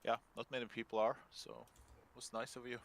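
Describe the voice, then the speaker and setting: A man chatting casually on a stream, quiet and encouraging, heard faintly. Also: mid-range voice, level tone, brisk. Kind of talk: casual chat.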